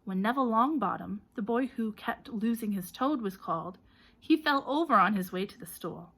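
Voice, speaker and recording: A woman narrates an audiobook in a bright, forward voice. She reads in a lively way and gives called-out names and shouts plenty of energy. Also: a little high, moderate pace. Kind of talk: storybook narration.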